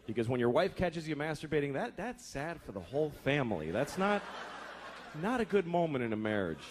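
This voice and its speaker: A man's voice: sing-song, a little fast. A man in his thirties doing a profane stand-up comedy set, slipping into acted voices. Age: 30s. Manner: profane, shifts into acted voices, deep groaning mimicry. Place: comedy club stage. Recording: live club with crowd laughter and noise.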